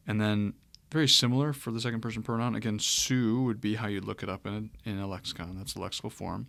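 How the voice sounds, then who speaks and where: A man with a low, gravelly voice gives a relaxed grammar lesson. He explains step by step and pads his sentences with fillers. The sound is dry and close, with no room echo. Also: fast talker, hardly any pauses. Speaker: Greek grammar teacher. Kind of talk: screen-share lecture.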